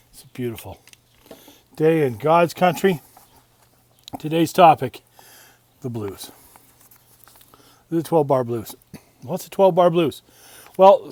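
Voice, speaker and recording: A man's voice: mid-range voice, a little mellow, no room sound. A man giving a casual music lesson, chatty and digressive, often asking himself questions and then answering them. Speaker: music teacher.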